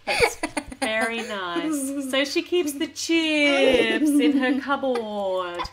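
A woman's voice: high-pitched, drawn-out words. A young woman narrating an app gameplay story, scolding in a playful mock-stern way and laughing often. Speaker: host. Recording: loud crowd-like noise behind.

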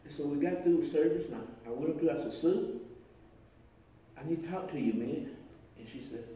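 A man, preaching a sermon as pastor, telling a story and moving between quiet talk and shouting. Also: a little high, brisk, highs cut off. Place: church sanctuary. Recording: echoey church room from far off, faint noise.

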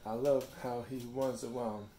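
A man reading a devotional slowly, stopping and restarting often, then talking fondly to his cat at home. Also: mid-range voice, fairly even intonation, a little hiss or hum. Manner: slow, halting reading with restarts; fond, soft talk to his cat.

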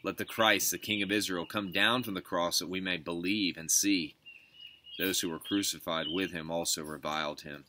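Deep-voiced pastor reading on a porch. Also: male voice, moderate pace, slight background noise. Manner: steady reading, lifting voice for quoted speech. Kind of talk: devotional scripture reading. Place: back porch outdoors at home. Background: birds singing.

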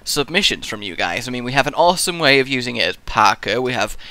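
A man's voice: medium pitch, very animated, fast, sharp tone, no room sound. A young man, commentating his own gameplay in a rambling, goofy way, muttering to himself and slipping into silly voices. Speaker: Minecraft let's player.

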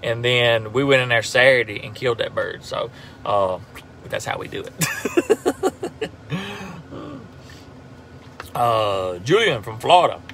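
A man's voice: mid-range voice, sing-song, slow pace, pauses often, a bit bright, slight background noise. Laid-back Southern man on a lunch break. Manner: laid-back drawl with frequent laughs and fillers. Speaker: turkey hunter and call maker, social media host. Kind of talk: casual live-stream chat.

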